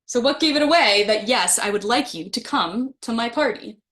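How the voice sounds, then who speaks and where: A woman's voice: fairly high pitch, lively intonation, normal speed, few pauses, fairly bright tone. A woman presenting a webinar for teachers, talking casually and friendly, reacting to comments from the chat. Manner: friendly, laughs with the chat, reads comments aloud. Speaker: webinar presenter for adult educators.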